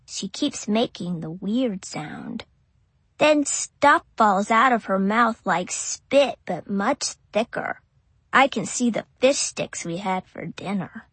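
Woman audiobook narrator, child's first-person voice, very slow, breathy, dry close sound. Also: medium pitch, lively intonation, fairly bright tone, no echo. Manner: simple childlike phrasing, slow and careful.

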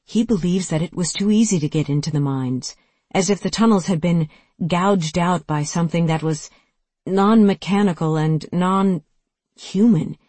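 A jittery man , as a narrator puts him on hesitantly relays an alarming rumor in a lowered voice. The reading is close and dry, in a middle register. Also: unhurried, no room sound, lightly acted. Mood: nervous. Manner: hesitant, hushed. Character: nervous young man reporting secret news.

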